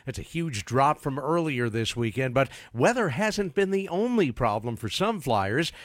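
A man reading a radio newscast as anchor, in a steady, measured delivery. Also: medium pitch, no echo, studio quality. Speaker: news anchor.

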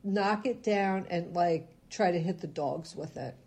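A woman co-hosting a radio show in a studio, chatting casually and reading jokes in an animated, laughing way. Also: on the low side, a little slow, slightly rough.

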